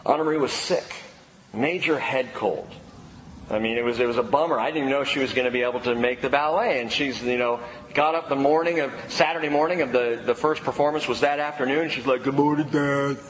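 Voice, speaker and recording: A man preaching a sermon to a congregation, lively, stretching out key words for emphasis. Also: mid-range voice, fairly quick. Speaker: pastor. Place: church sanctuary. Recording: long hall reverb, faint ambience.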